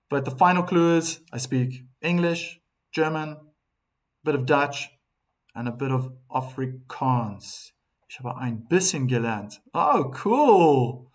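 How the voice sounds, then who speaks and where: Slow-talking male stream host. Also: on the high side. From South Africa. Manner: chatty, reads viewer comments aloud, frequent restarts and ums. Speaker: live-stream tennis commentary host. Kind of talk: casual live-stream chat with viewers.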